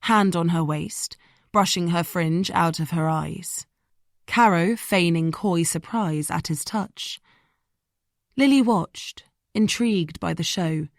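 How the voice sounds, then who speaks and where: A woman reading an audiobook in scripted narration, steady and measured, in a dry booth. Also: lowish voice, vocal fry, no room sound.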